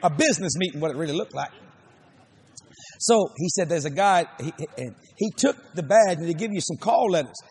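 Middle-aged man preaching, high swooping voice, husky tone, animated storyteller who shouts. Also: brisk. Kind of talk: sermon storytelling.

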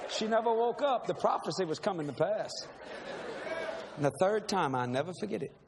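A man's voice: high-pitched, lively intonation, brisk, crowd noise. A man preaching a sermon, telling a personal testimony in a dramatic, emphatic way and laughing often. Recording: long hall reverb, faint background hiss.

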